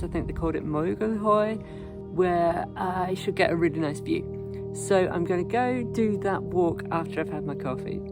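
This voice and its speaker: A woman narrating a casual walking vlog outdoors in a chatty, wry, easily amused way. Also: fairly low pitch. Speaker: travel vlogger. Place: outdoors, walking through countryside.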